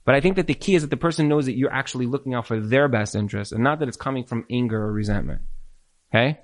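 In a marriage class with audience Q&A, a man speaks fast in a mid-range voice. Earnest, he repeats words and frequently acts out what husbands and wives say.

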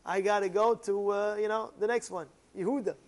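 A man's voice: high voice, fairly even intonation, fairly quick, natural voice. A man telling of an insistent aging father. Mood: pressing. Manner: pleading, repeats himself. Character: aging father, insistent and worried about legacy.

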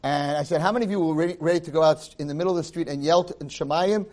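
A man, a rabbi, giving a lively Torah class, acting out quotes and dropping Hebrew phrases into his English. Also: fairly high pitch, racing, hardly any pauses. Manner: animated, acts out quotes and shouts for emphasis. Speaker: rabbi and teacher.

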